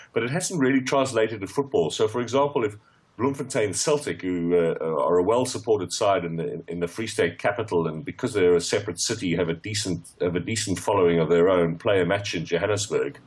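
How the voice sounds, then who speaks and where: Man, from South Africa, very low voice, football pundit, hesitant restarts. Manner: hesitant, many restarts and fillers. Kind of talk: radio phone-in discussion.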